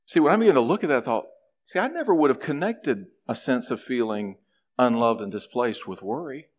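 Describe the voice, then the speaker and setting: Animated male preacher. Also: a little fast. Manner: animated preaching, acting out a character's complaints in a raised pitch. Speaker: pastor. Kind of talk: sermon.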